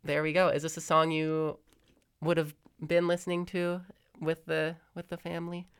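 A young woman from Canada with a Canadian accent, hosting a casual podcast chat with a relaxed, chatty manner. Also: low-pitched, moderate pace, clean tone. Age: young adult. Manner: chatty, relaxed, many fillers. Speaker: host.

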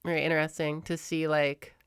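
A young woman from Canada with a Canadian accent, hosting a casual podcast chat with a relaxed, chatty manner. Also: sits low, fairly quick, clean tone. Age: young adult. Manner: chatty, relaxed, many fillers. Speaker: host.

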